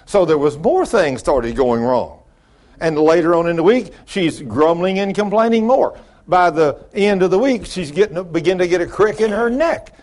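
Folksy preacher with a higher voice. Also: male voice, lively intonation, moderate pace, a little mellow. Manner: folksy storytelling, swinging from low mutters to high exclamations. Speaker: pastor. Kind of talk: sermon.

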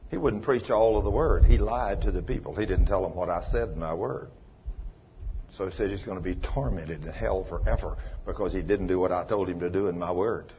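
A man preaching a sermon as pastor, telling a story and acting out the dialogue, swinging between loud and soft. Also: sits low, fairly quick, muffled recording, a little hiss or hum.

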